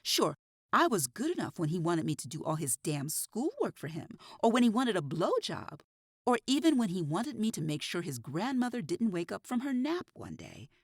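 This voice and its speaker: An eerily calm woman killer with a husky edge, as a narrator puts her on, her speech swinging widely in pitch as bitterness surfaces. It sounds dry and close, like a studio audiobook. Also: moderate pace, no room sound, heavily acted. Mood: bitter.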